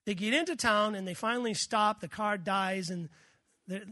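A man preaching a sermon, telling a story with lively quoted voices. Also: high-pitched, normal speed, dry recording, clean studio sound. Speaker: pastor.

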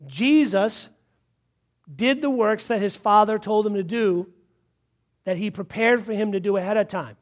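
His voice sits high, and he preaches at a measured pace broken by long pauses. The man, from Massachusetts, gives a fervent, repetitive sermon studded with hallelujahs.

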